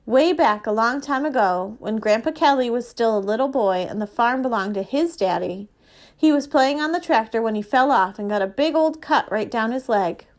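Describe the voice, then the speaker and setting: A woman, a librarian, reading a children's novel aloud in a steady, expressive way. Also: fairly high pitch, moderate pace. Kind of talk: storybook reading.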